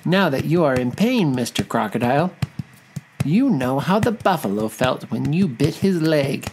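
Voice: mid-range voice, sing-song, normal speed, darkish tone, slight background noise. A storyteller voicing a clever male mouse deer who speaks in a sly, knowing way. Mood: triumphant.

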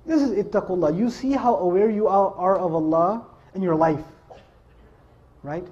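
High-voiced man giving a joking lecture. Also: moderate pace, muffled recording. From Pakistan. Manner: joking, animated storytelling, laughs often. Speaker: Islamic speaker. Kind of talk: lively lecture to a live audience.

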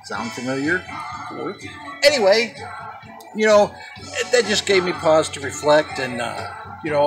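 Middle-aged male vlog host, gravelly, lively pitch, corny jokester, music bed underneath. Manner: corny, jokey pun-telling delivery. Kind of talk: comedic vlog monologue.

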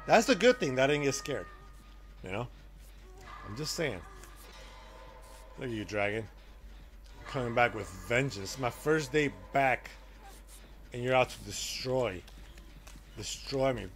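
A man live-streaming a game, chatting casually with his viewers and reacting loudly to the action. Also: medium pitch, sing-song, measured pace, long pauses, faint music behind.

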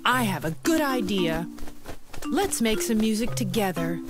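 A woman voicing a cheerful little female lamb in a children's storybook, in a high, sing-song voice. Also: big pitch swings, a little slow, over music.

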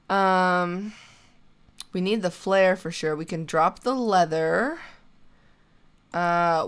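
A young woman giving casual let's-play commentary, thinking out loud as she plays and chatting to her character. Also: fairly low pitch, clean tone. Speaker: gaming channel host.

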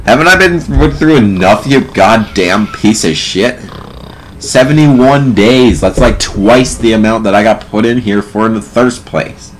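A young man giving casual, profane gameplay commentary, sarcastic and prone to loud outbursts. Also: mid-range voice, normal speed, few pauses, slight background noise, low-quality recording. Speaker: let's play commentator.

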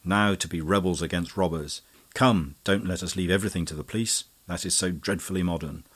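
A man's voice: low voice, fairly even intonation, a little fast, slightly rough. A man reading a hot-blooded young poet's lines in a rousing, impetuous way. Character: fiery young male poet, hot-blooded.

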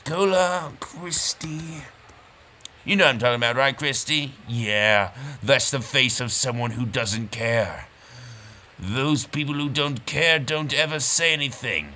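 A man's voice: medium pitch, unhurried, pushed and bright, slight background noise. A man giving casual, rambling, self-mocking commentary over a brain-training game. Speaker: gameplay commentator.

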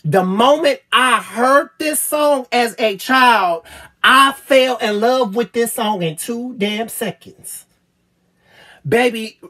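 A woman gushing over an album in a casual review vlog, swearing freely and stammering with repeated fillers, at times choking up and trailing off quietly. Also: high voice. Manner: gets choked up and trails off quietly. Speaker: music reviewer.

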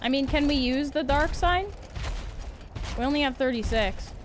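A woman from Canada streaming a video game live, giggling, chatting with viewers and reacting loudly to the gameplay. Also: high-pitched, moderate pace, noisy background.

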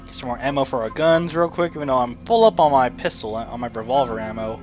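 A man's voice: mid-range voice, fast, lo-fi sound. A man giving casual commentary as he plays a video game, rambling and talking to himself and the game. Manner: rambling, chatty self-talk with frequent asides to the game. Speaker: let's play commentator. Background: game music.

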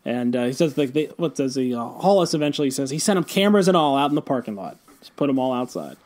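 A man's voice: medium pitch, lively intonation, fast, a little mellow. A man co-hosting a podcast in casual chat, rambling and thinking aloud, often checking for agreement. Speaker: podcast co-host.

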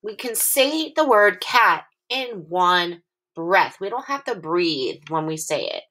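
A woman teaching a phonics lesson to young children, patient and encouraging, stretching her sounds out slowly and clearly. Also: lowish voice, big pitch swings, sharp tone.

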